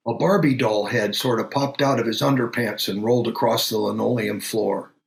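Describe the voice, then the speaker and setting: An actor playing a middle-aged country doctor who tells a strange story in an unhurried, halting way, full of pauses and fillers. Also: male voice, on the low side, steady tone, gravelly, roomy sound. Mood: steady recounting. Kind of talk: audio drama acting.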